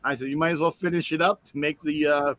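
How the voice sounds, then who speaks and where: A man chatting on a stream voice call, telling a lively anecdote and putting on voices for its people. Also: on the high side, quick pace, a little hiss or hum. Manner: animated storyteller, voices the people in his anecdote. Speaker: stream guest. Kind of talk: casual chat.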